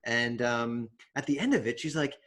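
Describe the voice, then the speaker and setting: A young man co-hosting a podcast, telling stories in a relaxed, chatty way with many fillers and restarts. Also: medium pitch, normal speed. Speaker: podcast co-host. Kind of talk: casual chat.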